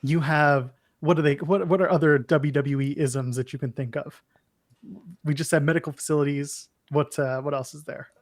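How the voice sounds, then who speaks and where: A man with a fairly high voice co-hosts a loose wrestling podcast. He rattles through lists with snarky, opinionated asides. The sound is dry and close to the mic. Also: fairly even intonation, normal speed, dry recording. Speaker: podcast co-host. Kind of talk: casual wrestling chat.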